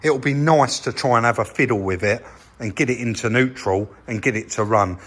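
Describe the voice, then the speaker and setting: An English man hosts a vehicle repair vlog from an indoor workshop, chatting casually and explaining details as he points them out. His voice is medium-pitched and a bit bright, and he speaks fairly quickly.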